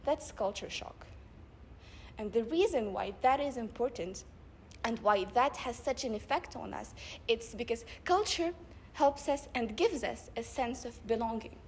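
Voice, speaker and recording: A woman's voice: fairly high pitch, animated, slight background noise. Young woman giving a rhetorical speech. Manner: rhetorical, measured emphasis. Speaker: debate club speaker. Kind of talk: public speech. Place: live event before an audience.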